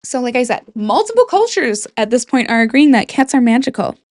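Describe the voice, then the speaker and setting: A woman's voice: fairly high pitch, very animated, fairly quick, darkish tone, no room sound, studio quality. A young woman from Michigan, speaking with a Michigan accent, hosts a casual solo talk about folklore from her bedroom, chatty and joking with whispered asides. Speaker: podcast host.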